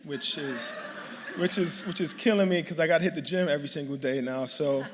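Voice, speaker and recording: A man's voice: fairly high pitch, brisk, noisy background. Man, late 30s, from New York, hall of fame acceptance speech, humorous and rambling, lots of fillers, long hall reverb. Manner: humorous, chatty, many fillers and restarts.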